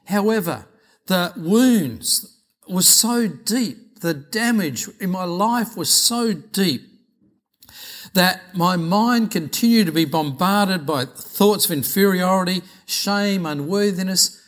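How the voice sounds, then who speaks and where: A man preaching a sermon with personal testimony, earnest and measured, often repeating phrases. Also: sits high, lively intonation.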